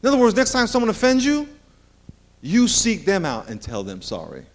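A man's voice: sits high, huge pitch swings, moderate pace. A middle-aged man preaching a sermon as pastor, a playful storyteller who jokes with the congregation.

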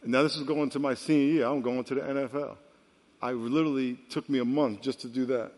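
A man in his fifties, a pastor preaching a sermon with animated storytelling that swings from quiet to loud. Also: medium pitch, fairly quick. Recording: long reverb of a large hall.

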